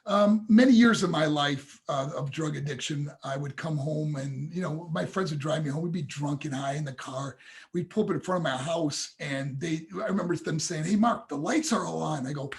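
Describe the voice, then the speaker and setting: A man's voice: fairly high pitch, normal speed. A man talking as a podcast guest over a video call, telling a personal story earnestly and with feeling. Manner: earnest, emotional, addresses hosts as guys. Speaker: podcast guest, motivational speaker.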